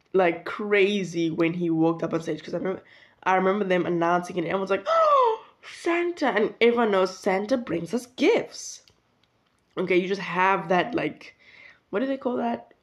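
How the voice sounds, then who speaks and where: A young woman casually telling a childhood story, rambling and correcting herself as she goes. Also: mid-range voice. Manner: chatty, rambling, self-correcting, laughs at herself.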